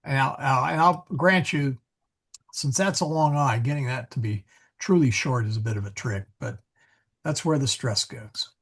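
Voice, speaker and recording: Husky gravelly guy running a latin class on a video call, patient, explains stuff. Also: mid-range voice, normal speed, a bit bright. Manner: patient, explaining, self-correcting. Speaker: Latin teacher leading a reading group. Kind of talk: casual online class.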